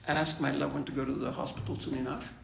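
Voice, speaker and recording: A grief ministry leader leads a faith-based bereavement talk in a conversational way, repeating himself often and checking in with "okay?". His voice is medium-pitched, level, and gravelly, and he talks fast. The recording sounds dull and lo-fi in an echoey room, with a little hiss or hum.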